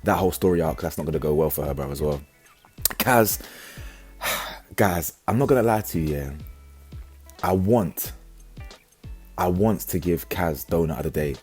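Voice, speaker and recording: A low-voiced man talks through a reality show episode in an animated, slangy way. His voice is husky, and he keeps restarting his sentences. Faint music plays underneath. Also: moderate pace, long pauses. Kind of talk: casual commentary.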